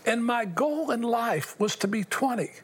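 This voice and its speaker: Older male guest, husky tone, earnest and halting, testimony-style storytelling. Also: extremely high pitch, lively intonation, a bit bright. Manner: earnest, halting, with long pauses. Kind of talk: personal testimony in an interview.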